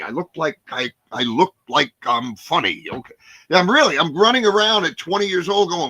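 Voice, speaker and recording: A man's voice: on the high side, expressive, a little fast, bright, forceful tone, no room sound. A man in his sixties from New Jersey, a comedian guest telling a rambling story full of fillers and acted-out quotes. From New Jersey, USA. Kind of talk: storytelling in a podcast interview.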